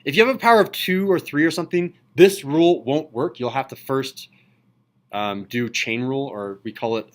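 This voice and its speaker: A male math teacher lecturing a classroom with eager energy, his mid-pitched voice climbing when he hits a key point. He keeps asking students questions as he works through the board. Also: a bit bright. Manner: enthusiastic, asks students questions. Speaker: high school math teacher.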